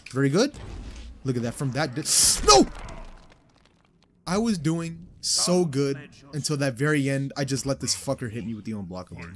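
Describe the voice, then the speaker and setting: Excitable young man commentating gameplay. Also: mid-range voice, slight background noise. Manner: excitable, swearing, swings from mutters to outbursts. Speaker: gaming channel host.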